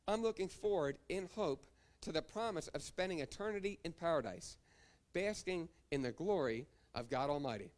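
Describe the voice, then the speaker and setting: A man preaching a sermon to his church, his voice sitting a little high for a man. He moves through scripture references one after another, then calls out to the congregation for an amen. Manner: preaching, reading scripture references and calling for amens. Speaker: pastor.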